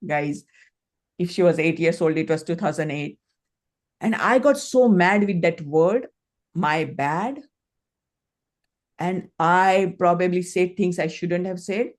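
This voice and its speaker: Indian-accented woman coaching parents on a call. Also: on the low side. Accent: Indian English. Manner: storytelling, acts out quoted dialogue. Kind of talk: online coaching session. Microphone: video call.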